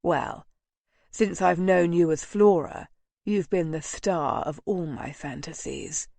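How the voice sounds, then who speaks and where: Tender gentleman marquis, hushed and intimate, voiced by a woman narrator; unhurried, dry sound. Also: creaky, no room sound, full character voice. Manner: low, murmuring, intimate. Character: tender, ardent gentleman marquis, soft-spoken.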